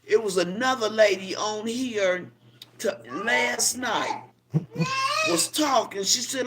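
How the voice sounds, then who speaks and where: An older woman, a grandmother, hosting a casual livestream and lecturing viewers in a preachy, scolding way with drawn-out emphasis. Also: mid-range voice, expressive, heavy background noise. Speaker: livestream host.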